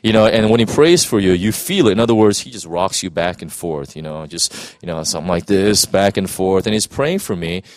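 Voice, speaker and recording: A man's voice: deep voice, expressive, a little fast, hardly any pauses, no room sound. A man who is a pastor telling an emotional personal testimony in earnest conversation, full of restarts and "you know"s.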